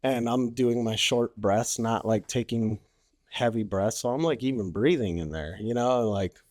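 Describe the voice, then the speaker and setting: A man's voice: medium pitch, a little slow, darkish tone, dry recording, clean studio sound. A man and former Marine telling war stories on a podcast in a loose, profane way, full of "like" and "you know". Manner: loose, profane, heavy use of "like". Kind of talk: casual storytelling.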